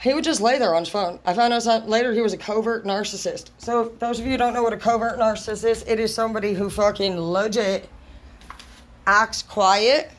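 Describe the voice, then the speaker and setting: A woman's voice: fairly high pitch, fairly even intonation, fairly quick, low-quality recording. Female vlogger, unfiltered and profane, loose rambling delivery. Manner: blunt, heavy swearing, rambling; brash and unfiltered. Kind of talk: casual monologue to camera.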